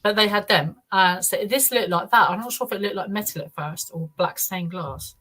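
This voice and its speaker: A middle-aged woman, a guest on a podcast interview. She tells a first-person account earnestly, in a halting way with many restarts. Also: mid-range voice, fairly bright tone. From United Kingdom.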